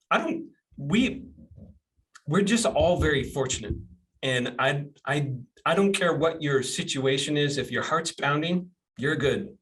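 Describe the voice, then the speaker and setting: A blunt, animated man hosts a casual podcast and tells stories with plenty of energy. His voice sits a bit high for a man, and he sounds like he's in his forties. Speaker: podcast host and coach.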